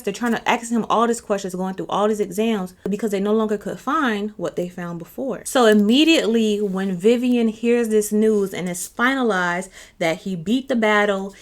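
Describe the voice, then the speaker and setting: A woman hosting her own channel, telling a story in a chatty, casual way and often checking in with her listener. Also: medium pitch. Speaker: channel host.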